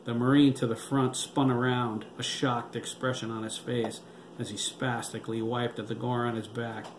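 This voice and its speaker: A man's voice: mid-range voice, little pitch movement, normal speed. Man narrating an audiobook in a roomy space. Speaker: author reading his novel. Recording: roomy with faint hiss.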